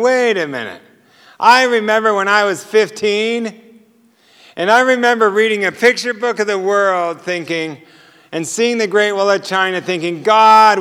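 A man telling a personal faith story as a sermon, animated and often chuckling at his own punchlines. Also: sits high, smooth. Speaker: preacher sharing testimony. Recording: long hall reverb.

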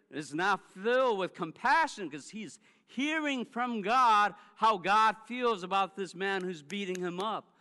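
A male pastor delivering a sermon, his voice high and bright. He tells stories with emphasis and acts out the voices of the people in them. A long hall reverb trails after each phrase. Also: clean tone. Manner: emphatic storytelling that acts out quoted speech.

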